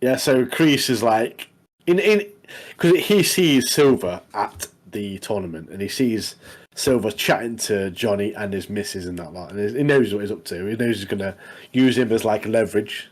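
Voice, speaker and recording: A man co-hosting a casual podcast, giving short excited reactions and laughing often. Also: lowish voice, moderate pace. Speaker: podcast co-host. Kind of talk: casual chat.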